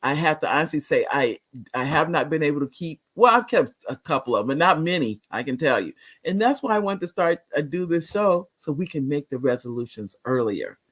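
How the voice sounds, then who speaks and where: A woman's voice: low-pitched, expressive, fairly quick, husky. A middle-aged woman hosting a casual live talk show, chatty and rambling as she reads viewer comments, laughing often.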